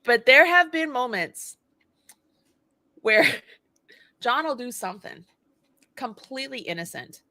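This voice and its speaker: A woman co-hosting a casual live-stream chat, an animated storyteller who laughs often. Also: fairly high pitch, takes it slowly, long pauses, dry recording. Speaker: co-host.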